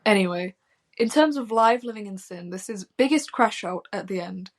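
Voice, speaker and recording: Young woman co-host, casual chat, giggly and blunt, mid pitch. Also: expressive, normal speed. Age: young adult. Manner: giggly, blunt, swears freely. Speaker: co-host of a music review.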